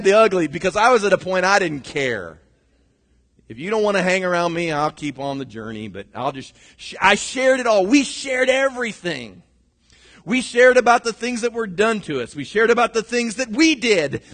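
A middle-aged pastor delivers a sermon in a high, lifted voice. He swings between shouted bursts and quiet, hushed asides. The sound carries the long echo of a large sanctuary. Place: church sanctuary. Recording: long reverb of a large hall.

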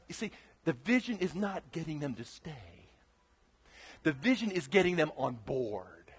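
A man preaching as pastor in a sermon, animated, swinging from quiet asides to loud emphatic bursts. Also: sits high, fairly quick, breathy edge, long reverb tail.

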